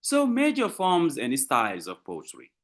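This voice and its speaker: A man's voice: a little high, wildly swooping pitch, measured pace. A man giving a university literature lecture, explaining step by step, repeating key points and asking and answering his own questions.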